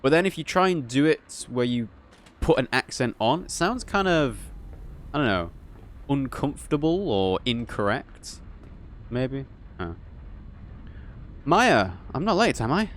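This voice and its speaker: A man chatting through a story game as a let's play host, drifting into musing asides. His voice swings widely in pitch, rising and falling as he thinks aloud. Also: animated, unhurried, a little hiss or hum. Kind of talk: casual gameplay commentary.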